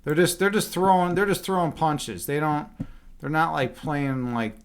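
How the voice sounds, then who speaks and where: A man's voice: on the high side, moderate pace, a little hiss or hum. Rambling man streaming from home. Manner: rambling, full of "like" and "you know" fillers; talks loudly at times. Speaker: livestreamer and chess instructor. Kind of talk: casual livestream chat.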